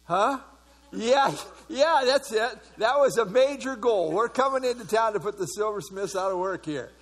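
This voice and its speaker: Male pastor, slightly high pitch, conversational Bible study teacher who quizzes his audience. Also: normal speed. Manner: conversational, asks the audience questions, many fillers.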